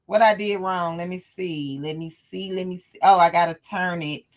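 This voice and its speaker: A woman's voice: lowish voice, fairly even intonation, moderate pace. A woman hosting a casual livestream sewing lesson, chatty and laughing often as she talks to her live chat. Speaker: sewing tutorial host.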